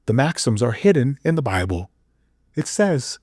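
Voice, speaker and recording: A man's voice: big pitch swings, moderate pace, dry recording, studio quality. Intense man preaching in rhetorical questions. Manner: preachy, rhetorical questions, swings from low mutter to loud exclaims. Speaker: podcast guest. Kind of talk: intense conversational monologue.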